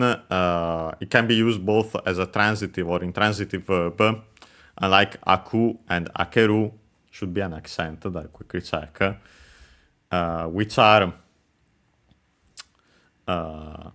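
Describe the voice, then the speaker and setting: A man giving a language lesson over a video game playthrough, hesitant, full of fillers and quick self-corrections, chuckling now and then. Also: on the low side, a bit bright. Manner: explanatory, chuckles while explaining. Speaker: language teacher. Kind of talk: let's-play language lesson.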